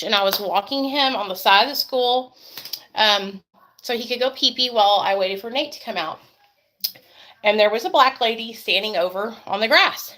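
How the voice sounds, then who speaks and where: A woman with a voice that sits a little high chats to her viewers in a loose, casual way. She tells stories with plenty of energy and swears freely as she goes. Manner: chatty, profane, animated storytelling. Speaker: beauty vlogger and mother. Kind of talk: casual storytelling chat.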